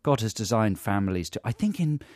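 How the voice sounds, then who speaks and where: A man's voice: lowish voice, expressive, brisk, a little mellow, no room sound. A man co-hosting a casual chat, dropping wry, joking remarks. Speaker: podcast co-host.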